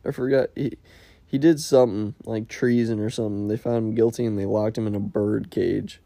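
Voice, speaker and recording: A man's voice: lowish voice, fairly even intonation, fairly quick, vocal fry, warm tone, no room sound. A man hosting a casual solo podcast, rambling and profane, and making fun of himself as he goes. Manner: rambling, profane, self-mocking. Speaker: podcast host.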